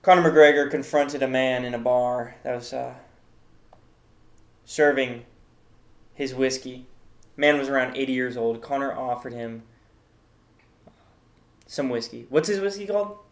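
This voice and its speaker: A man's voice: medium pitch, level tone, unhurried, pauses often. A man hosting a comedic tier-list commentary, rambling in a mock-serious way with lots of fillers. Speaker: host.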